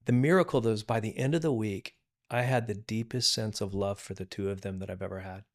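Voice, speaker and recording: Fairly low in pitch and brisk, a middle-aged man talks on a podcast where he's a guest. He's a pastor, and his candid, earnest testimony about forgiveness in his life is peppered with restarts and repeated words.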